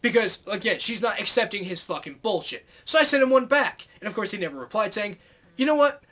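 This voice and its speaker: Casting note: irritated vlogger, mid-pitched voice, rambling profane rant straight to camera. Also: lively intonation, fast, bright, forceful tone. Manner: heated, profane, rambling, full of fillers. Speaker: YouTube vlogger. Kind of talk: angry monologue rant to camera.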